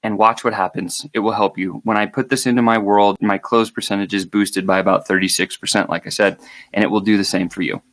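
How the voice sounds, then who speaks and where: A man's voice: fairly low pitch, steady tone, brisk, fairly bright tone, no echo. A man giving sales training straight to camera, emphatic and motivational, acting out sample call lines along the way. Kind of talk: direct-to-camera sales coaching.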